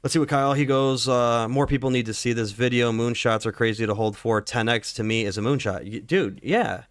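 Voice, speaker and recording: A male livestream host chats casually about stock trading in a mid-range, brisk voice. He's loose, slangy and profane, saying "dude" and "like" constantly. The recording is dry, with soft music behind him.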